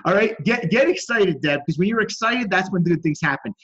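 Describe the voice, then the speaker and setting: A man coaching a student on a group call, energetic and pushy, repeating himself as he drives his point home. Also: high-pitched, brisk, breathy edge, muffled recording.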